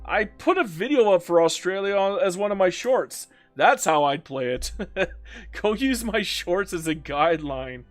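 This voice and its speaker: High-voiced joking game streamer man. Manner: joking, talks to himself and reads chat aloud. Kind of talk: casual live-stream commentary.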